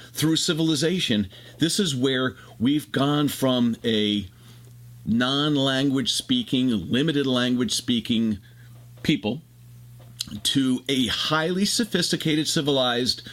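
A man's voice: mid-range voice, a bit bright. A man hosting a casual conversation, explaining ideas at length. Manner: expansive, explanatory, fast bursts.

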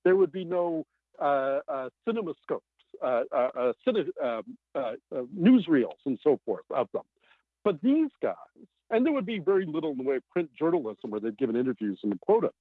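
A novelist being interviewed, talking in an animated, emphatic way with many fillers over a remote line. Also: male voice, fairly high pitch, moderate pace, dry recording. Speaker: novelist guest. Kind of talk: podcast interview. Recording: tinny phone-like line.

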